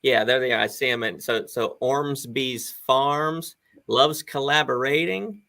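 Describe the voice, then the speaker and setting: A man's voice: mid-range voice, measured pace, gravelly, sharp tone. A man in his fifties, a guest on a live stream chat, talking casually and enthusiastically in a rambling way over a video call.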